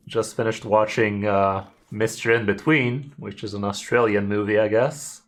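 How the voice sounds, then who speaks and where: A man's voice: lowish voice, steady tone, moderate pace, few pauses. A man streaming a card game, giving casual commentary and chatting loosely with his viewers, with some mild swearing.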